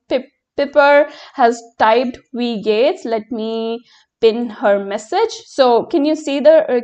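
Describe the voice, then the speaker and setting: A young woman whose first language is Hindi, teaching a live German lesson in English, answering the chat slowly and patiently with many fillers. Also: sits high, darkish tone, highs cut off.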